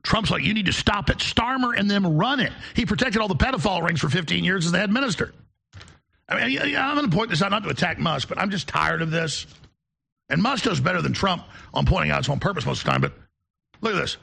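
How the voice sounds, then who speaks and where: Male talk host, high gravelly voice, sarcastic ranting delivery, shouts bursts. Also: very animated, quick pace. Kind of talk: ranting call-in show monologue.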